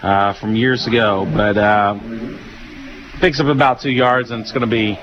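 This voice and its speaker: A tired male radio announcer with a Southern twang, calling a football game play by play in a relaxed, folksy way with many fillers. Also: on the low side, normal speed, background noise. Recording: dull lo-fi radio broadcast.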